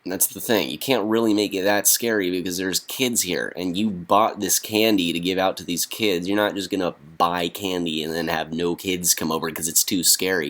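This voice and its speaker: A young man delivering a deadpan comedy monologue, halting and full of fillers. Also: low-pitched. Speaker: comedy vlogger.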